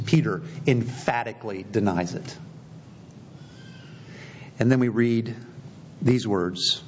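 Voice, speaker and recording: A man delivers a sermon, retelling a story and voicing the lines of its people as he goes. The recording is a little dull, with a faint low rumble underneath. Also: fairly even intonation, unhurried, long pauses. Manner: storytelling, acting out quoted dialogue. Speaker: preacher.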